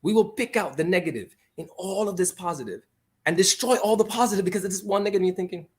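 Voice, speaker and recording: A man's voice: sits high, fast. A man from Grenada, speaking as a guest on a radio talk show in an impassioned, argumentative way.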